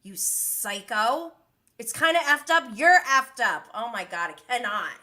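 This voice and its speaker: Bright-voiced woman venting on a live stream. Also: on the high side, unhurried. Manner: animated, exasperated, mimics the cast. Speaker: reality TV commentator. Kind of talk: live-stream recap chat.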